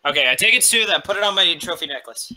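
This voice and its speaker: A man's voice: high voice, animated, fast, bright, forceful tone. A man playing a tabletop game, chatting eagerly with joking banter. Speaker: player. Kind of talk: casual tabletop game chat.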